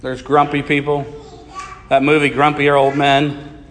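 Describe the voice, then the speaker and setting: A man preaching a sermon as pastor, reading scripture aloud and explaining it in a steady manner. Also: on the high side, unhurried, long reverb tail, a little hiss or hum.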